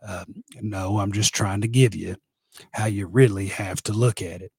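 A man doing an impression of an older male football team owner who talks slowly and evasively, with halting pauses. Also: fairly low pitch, steady tone, darkish tone, breathy edge, dry recording, pitched below the performer's own voice. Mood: evasive, measured. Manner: slow, halting delivery with many uh pauses.

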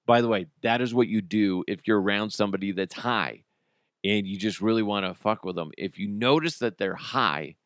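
A man hosting a solo podcast, telling stories in a lively way and laughing often. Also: fairly low pitch, normal speed, no room sound, clean studio sound. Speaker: podcast host.

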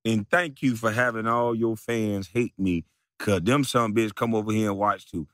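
A man's voice: fairly low pitch, moderate pace, a bit bright, no echo, clean studio sound. A man who makes videos, delivering a mocking, profane rant at a rival, repeating taunts and breaking into laughter. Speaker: video creator.

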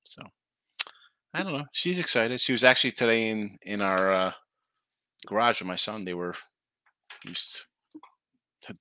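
This middle-aged man's voice sits lowish, pushed and bright, and he speaks unhurriedly with frequent pauses against slight background noise. Hosting a casual sports betting livestream, he meanders through picks, breaks off mid-thought, fumbles his words, and reads viewer comments aloud.

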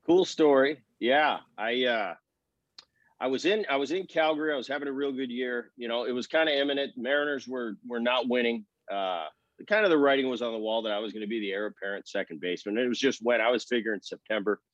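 Brief: man in his fifties, ex-ballplayer guest, lively yarn-spinner, dry slightly muffled sound. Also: medium pitch, quick pace, no echo. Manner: animated storyteller, acts out quoted dialogue. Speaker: former baseball player, guest. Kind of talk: relaxed storytelling interview.

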